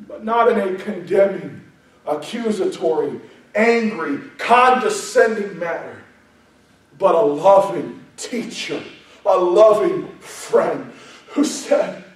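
A man preaching a sermon, speaking emphatically and building to loud, passionate peaks. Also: high-pitched, lively intonation, slow. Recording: very echoey room, voice far from the mic.

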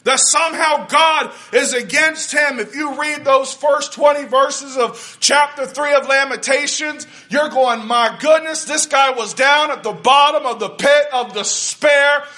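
A male pastor preaching a sermon, building to shouted emphasis on key words. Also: extremely high pitch, unhurried, few pauses.

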